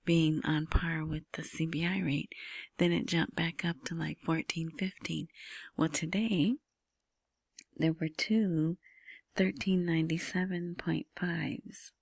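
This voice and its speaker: Brief: woman host, soft whispered commentary, husky and gravelly, dry close sound. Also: deep voice, fairly even intonation, takes it slowly, pauses often, no echo. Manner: whispering, rambling with many asides and "right?" checks. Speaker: currency news commentator. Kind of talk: casual solo commentary.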